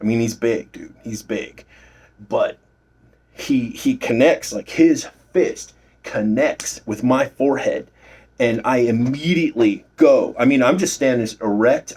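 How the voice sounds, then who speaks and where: In a mid-range voice with a breathy edge, a middle-aged man at his workplace vlogs a rambling story from his time as a bouncer. He swears freely and fills his speech with fillers and restarts.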